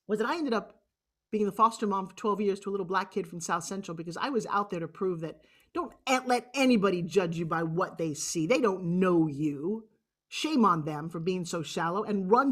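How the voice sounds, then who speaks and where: New york lady, 60s, on stage telling her story, blunt and funny, voice jumps up high a lot. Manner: animated, jokey and blunt, acting out other voices. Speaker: motivational speaker.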